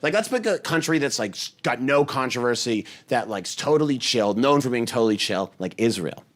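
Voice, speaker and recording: A man performing a stand-up comedy set, telling animated stories and acting out the voices of people he quotes. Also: medium pitch, brisk, slight background noise. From Boston.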